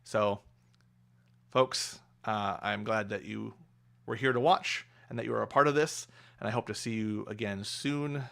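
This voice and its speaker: A young adult man talking casually on a livestream about the book he is reading, pausing often with fillers and restarts. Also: on the low side, steady tone, creaky, a bit bright. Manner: hesitant, many fillers and restarts. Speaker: streamer reading a book aloud.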